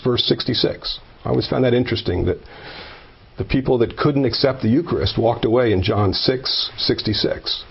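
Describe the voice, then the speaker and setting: Husky man giving an earnest testimony. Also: mid-range voice, dull audio. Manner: earnest and emphatic, builds to animated peaks; stumbling, with many repeated words. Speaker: speaker sharing a personal faith story. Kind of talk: informal testimony talk.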